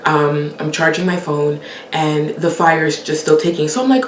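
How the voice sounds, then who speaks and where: A young woman with a lowish voice tells a personal story in a casual, lively way. She laughs often and acts out the lines she quotes. The voice is a little distant from the mic in a roomy space with a faint hiss behind it. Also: normal speed. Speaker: storyteller host.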